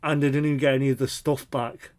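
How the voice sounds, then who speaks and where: A man's voice: mid-range voice, level tone, fast talker, a little mellow. A man hosting a reaction video, talking casually and with exasperation while he swears and comments on scenes.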